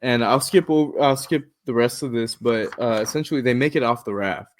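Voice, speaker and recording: A man's voice: medium pitch, fairly quick, a little hiss or hum. Man animatedly recapping a comic. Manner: animated retelling with quoted lines. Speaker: podcast co-host. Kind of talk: casual plot recap.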